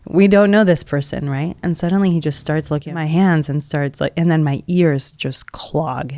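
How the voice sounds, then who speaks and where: A woman sits as a guest on a podcast and retells a personal experience in a casual, heartfelt way. Her voice carries a noticeably gravelly texture, and she scatters "like" through nearly every sentence. The sound is close-miked and completely dry. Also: sits low, moderate pace, dark tone, no echo. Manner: heavy use of "like" as filler; earnest, emotional retelling. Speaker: podcast guest, energy healer.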